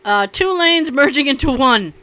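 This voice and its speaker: A woman's voice: sits high, expressive, moderate pace, bright, forceful tone. A woman hosting a casual chat, reading posts aloud and reacting with loose, profane jokes. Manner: profane, laughing, loose and joking.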